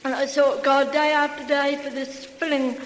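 A woman's voice: sits high, level tone, normal speed. A woman giving a church testimony, effusive and full of hallelujahs. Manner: effusive, bubbling with hallelujahs and laughter. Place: large hall. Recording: echoey hall with faint hiss.

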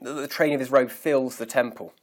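A man preaching a sermon, reading scripture aloud slowly and deliberately and pausing to stress key words. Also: medium pitch, fairly even intonation. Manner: measured, emphatic reading of scripture.

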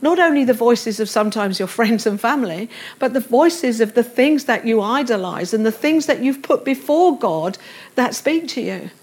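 Middle-aged woman preaching, earnest and tender, kinda high voice. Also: expressive, normal speed, husky. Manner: earnest, reads scripture aloud with quiet tender emphasis. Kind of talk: sermon.

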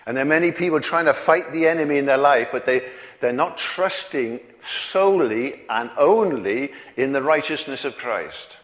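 A preacher gives a sermon in a homely, chuckling way, throwing rhetorical questions at his listeners. His voice is at an ordinary male pitch, expressive and a bit bright at a moderate pace, with a long reverb trailing behind him in a large hall.

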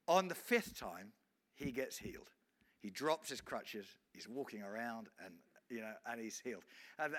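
A man's voice: mid-range voice, pushed and bright. A man, an evangelist telling a story in a sermon, acting out scenes with frequent restarts. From England.

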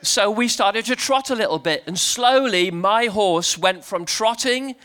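A playful man preaches to a crowd and tells his stories with big energy. His voice sits high and sounds bright and forceful. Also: measured pace, clear, resonant tone. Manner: animated, playful, leads the audience in shouting. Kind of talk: lively storytelling sermon to a crowd.

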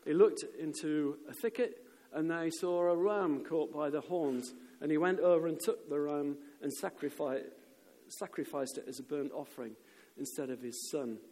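A man preaching a sermon, telling stories in an animated way and shouting out the lines of crowds. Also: a little high, moderate pace. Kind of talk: sermon with storytelling. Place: church. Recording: long reverb of a church hall.

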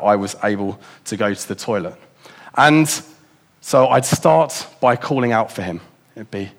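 A man preaching a sermon in a reflective way, asking his congregation many rhetorical questions and dropping softer for emphasis. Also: mid-range voice.

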